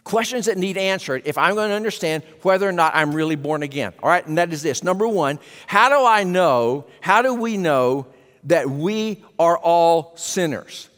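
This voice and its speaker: Male preacher, high voice, emphatic sermon delivery with rhetorical questions, long church reverb. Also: lively intonation, moderate pace, a bit bright. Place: church sanctuary.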